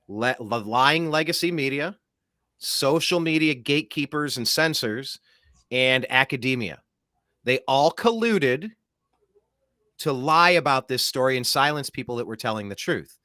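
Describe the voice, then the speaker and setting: Guy hosting a political talk show, bright edgy voice, super dry close mic, ranting and sarcastic. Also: mid-range voice, animated, unhurried, no echo. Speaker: host.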